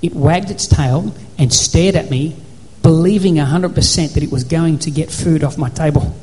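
A pastor delivers a sermon in a high-pitched male voice, pressing his points with repetition and rising to shouts. The sound carries a long reverb from a church hall. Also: moderate pace. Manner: preaching, rising to shouts with repeated phrases.

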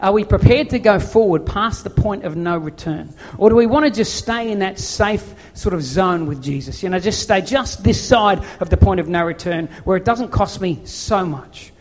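A high-pitched man delivers a storytelling sermon with animated, self-deprecating energy. His voice carries a long reverb from a large hall. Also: normal speed, few pauses. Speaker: preacher.

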